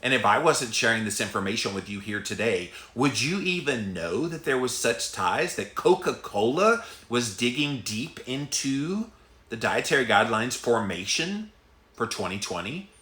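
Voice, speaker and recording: A man's voice: medium pitch, big pitch swings, normal speed, sharp tone. A man hosting his own show, delivering an impassioned, emphatic rant straight to his listeners. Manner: emphatic, conversational, addresses listeners directly. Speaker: podcast host ranting on diet. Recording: roomy echo.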